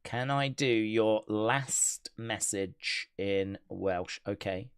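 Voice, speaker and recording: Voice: medium pitch, drawn-out words, smooth. A live stream host chatting casually during a watch-along, playfully reading out viewer comments. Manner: chatty, playful, reads chat comments aloud.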